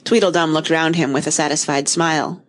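A woman reading a children's storybook aloud in an expressive, lively way. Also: low-pitched, a little fast. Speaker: narrator.

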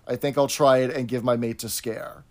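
A man's voice: medium pitch, level tone, a little fast, a little mellow. A man co-hosting a podcast, telling stories playfully in casual chat. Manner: playful storytelling. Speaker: podcast co-host.

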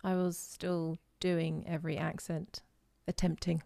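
An English woman chatting as a podcast guest, playful and laughing easily, who keeps slipping into quick accent impressions. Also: on the low side, creaky, no room sound, clean studio sound. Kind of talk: casual chat.

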